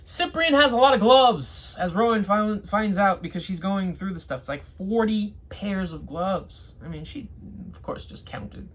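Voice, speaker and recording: A TV reviewer talks through an episode in a lively, swooping voice with a husky edge. The delivery is casual and full of sarcastic asides and restarts. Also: medium pitch, measured pace.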